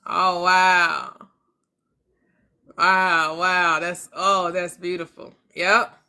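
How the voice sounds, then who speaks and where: Woman host, casual motivational chat, bright tone, acts out little conversations. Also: lowish voice, flat delivery, extremely slow, clear, resonant tone. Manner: chatty, acts out imagined conversations with friends. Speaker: manifestation channel host.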